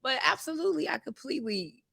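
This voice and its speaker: A woman's voice: high-pitched, big pitch swings, gravelly, sharp tone. A woman co-hosting a podcast in a bar, talking earnestly about her dating experience in a casual chat. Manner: quick, earnest, recounts her dating story. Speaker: podcast co-host. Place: bar on location.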